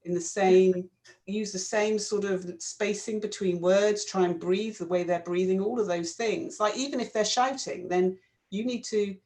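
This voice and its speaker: A woman co-hosting a casual therapy chat, explaining ideas in a reflective, gentle way. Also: mid-range voice, fairly even intonation, moderate pace. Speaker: co-host, therapist.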